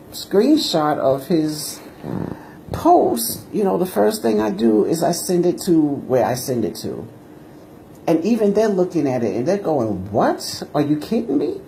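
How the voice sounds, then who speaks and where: Man with a mellow, husky-edged gravel, pitch swinging widely; combative rant straight to camera. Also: slight background noise. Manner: combative and indignant, repeating himself. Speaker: martial arts teacher answering a rival. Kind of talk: ranting monologue video.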